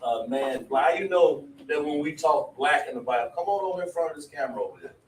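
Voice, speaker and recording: A man teaching a religious class in a casual, animated way, laughing and drawing call-and-response from his students. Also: a little high, fast. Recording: echoey room, voice from a distance, faint noise.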